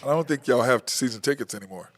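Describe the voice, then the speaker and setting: A man's voice: mid-range voice, animated, fast. A man hosting a casual talk show, telling stories and laughing often. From Oklahoma. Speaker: host. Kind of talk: casual chat.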